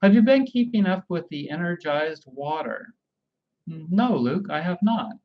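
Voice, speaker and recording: A man's voice: fairly high pitch, expressive, unhurried, muffled recording. Rambling man chatting on a livestream. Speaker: livestream host. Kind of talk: casual livestream chat.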